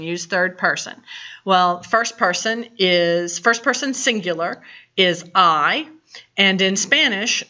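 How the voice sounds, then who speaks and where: A woman with a Southern American accent teaches Spanish grammar in an unhurried, deliberate lecture. Her voice is bright and slightly low-pitched, and she explains patiently, circling back with reminders. The recording sounds a bit dull and lo-fi.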